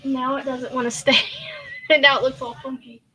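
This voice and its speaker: A woman chats casually while crocheting, rambling and hesitant, trailing off into fillers and sighs. Her voice sits a little high and comes across bright and forward. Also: little pitch movement, normal speed, a little hiss or hum. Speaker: crochet channel host.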